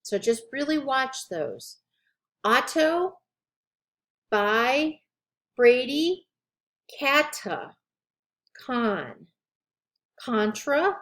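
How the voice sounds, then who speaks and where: Woman lecturer, slow careful delivery, spells out terms one by one, slightly high voice. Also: very animated, a bit bright. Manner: slow, deliberate, drawn-out enunciation of terms. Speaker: instructor. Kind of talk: recorded lecture.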